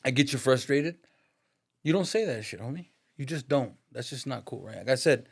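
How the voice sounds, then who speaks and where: A man's voice: mid-range voice, brisk, vocal fry. A man as a podcast guest, telling a story in casual, profane, slangy talk and acting out the voices in it. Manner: lively, acts out the voices in his stories.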